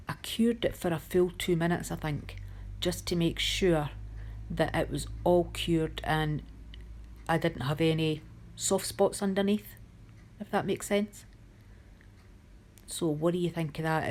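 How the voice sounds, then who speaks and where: Chatty woman, low voice. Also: a little mellow. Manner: chatty, homely, self-critical. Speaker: nail art channel host. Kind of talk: voice-over tutorial narration.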